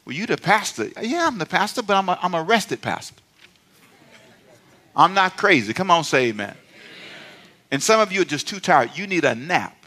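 A man's voice: sits high, big pitch swings, moderate pace, long pauses, sharp tone. A middle-aged man, a pastor, preaching a sermon in a playful, conversational way and calling on the congregation to respond.

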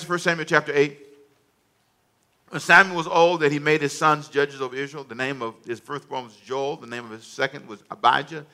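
A man's voice: fairly high pitch, bright, forceful tone. A male pastor preaching a sermon, emphatic and humorous, in a storytelling manner.

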